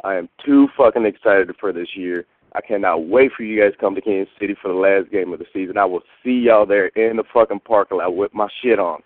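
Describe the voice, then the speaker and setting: Brief: male caller, thrilled and foul-mouthed, slightly low voice, phone-line sound. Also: quick pace, hardly any pauses, no echo. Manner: excited, swearing constantly. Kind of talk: phoned-in voicemail to a fan show.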